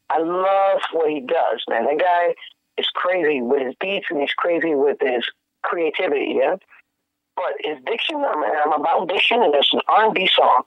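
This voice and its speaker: Guest musician, male, high voice, animated storyteller, tinny phone-like sound. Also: no room sound. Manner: animated, laughing, slangy and profane. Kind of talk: casual storytelling chat.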